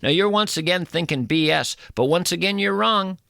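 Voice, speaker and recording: A male radio host doing a comic monologue with playful mock-outrage and drawn-out emphasis. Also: high voice, gravelly, pushed and bright, clean tone, no room sound, clean studio sound.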